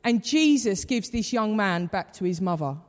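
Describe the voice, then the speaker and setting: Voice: mid-range voice, animated, normal speed. A preacher giving a sermon in a conversational, storytelling way. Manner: conversational storytelling, acts out quoted voices. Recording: long reverb of a large hall.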